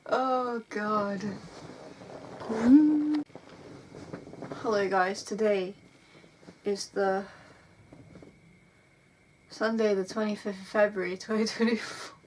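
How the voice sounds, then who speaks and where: A young woman in her twenties films herself on an airbed in her bedroom, talking at an unhurried, drawn-out pace. She rambles and mocks herself, laughing often, with a burnt-out, teary edge to her mid-pitched voice. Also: a little mellow, slight background noise. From England. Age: 20s. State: burnt out, tearful. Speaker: vlogger. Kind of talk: casual confessional vlog.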